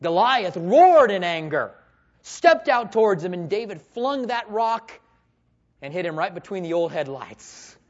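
A man in his forties preaching a sermon with passion, swinging between loud calls and hushed asides. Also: sits high, animated, measured pace, muffled recording. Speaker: pastor.

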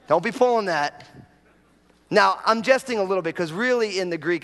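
A man preaching a humorous sermon, his voice sitting high for a man. He tells stories with energy and jumps into acted-out prayers and asides. The sound carries a long hall reverb. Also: fairly quick. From New York. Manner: animated storytelling, acts out prayers in a raised voice. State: a bit dehydrated after travel. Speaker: pastor.

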